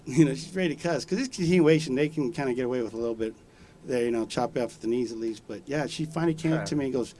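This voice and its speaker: A man's voice: mid-range voice, fast, darkish tone, a little hiss or hum. A man in his forties, a guest on a live talk show, telling loose, slangy, profane stories with plenty of laughter. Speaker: studio guest. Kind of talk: casual storytelling chat. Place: radio studio.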